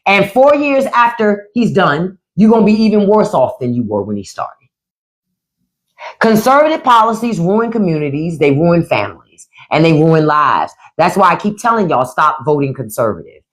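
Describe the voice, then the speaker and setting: A middle-aged woman talks politics on her livestream with a lively pitch that swings up and down. She is blunt and profane and keeps slipping into mocking voices of the people she discusses. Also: normal speed. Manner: animated, blunt and profane, mimicking others. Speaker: livestream host. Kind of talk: casual political commentary livestream.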